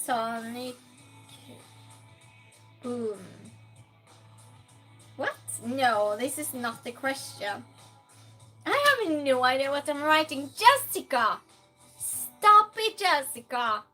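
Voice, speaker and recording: A woman's voice: high voice, lively intonation, slow pace, long pauses, fairly bright tone, soft background music. A woman hosting a live-stream game night, chatting casually, reading chat aloud and playfully scolding and thanking donors.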